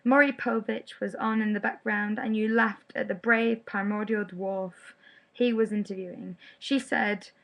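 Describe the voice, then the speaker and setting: Female author reading her own second-person piece; creaky, gravelly voice, deadpan and cutting. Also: medium pitch, measured pace, rough recording.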